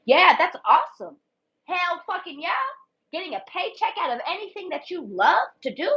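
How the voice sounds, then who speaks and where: A woman's voice: very high-pitched, big pitch swings, normal speed, bright, forceful tone. A woman doing a casual tarot reading for viewers, talking bluntly with lots of swearing and repetition. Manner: blunt, profane and emphatic, repeats herself. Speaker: tarot reader. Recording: dull lo-fi sound.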